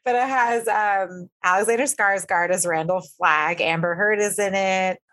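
A woman's voice: mid-range voice, moderate pace, fairly bright tone. A young woman chatting casually on a podcast, laughing often and trailing off mid-sentence. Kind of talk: casual chat.

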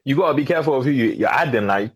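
A man's voice: mid-range voice, lively intonation, very fast, breathy edge, no room sound, rough recording. A young man, telling stories in slang in a casual podcast chat. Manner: slangy, storytelling. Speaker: podcast co-host.

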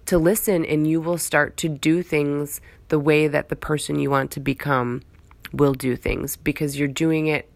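Low, gravelly-voiced woman giving a pep talk. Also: steady tone, a little slow, no room sound. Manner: earnest, rambling, repeats herself for emphasis. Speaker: motivational speaker. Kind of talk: casual motivational monologue.

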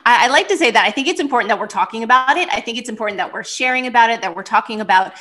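Woman guest giving reassuring advice, bright sharp voice, kinda high. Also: very fast. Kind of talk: casual podcast chat.

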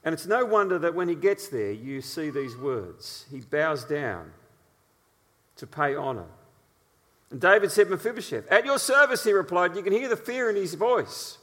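A man preaching a sermon, telling stories in an animated way, with his voice sitting on the higher side. His words carry the long reverb of a big hall. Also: measured pace. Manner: animated storytelling with frequent uh fillers.

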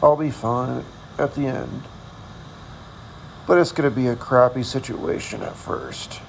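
A man hosting a casual solo podcast, talking in a candid, self-deprecating, halting way. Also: medium pitch, creaky, a little hiss or hum, rough recording. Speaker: podcast host.

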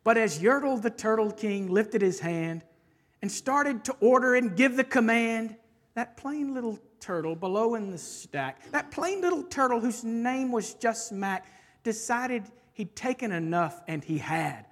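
Expressive woman preacher reading a rhyming tale. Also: a little high, unhurried. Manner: expressive, rhythmic storytelling. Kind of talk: reading a rhyming children's story aloud.

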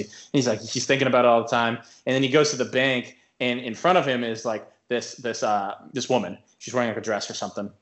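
A man's voice: medium pitch, steady tone, fast talker, hardly any pauses, a bit bright. A man co-hosting a podcast, telling a long story in casual chat, full of filler words and acted-out quotes. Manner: rambling, heavy filler words, retells stories with acted-out quotes. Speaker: podcast co-host.

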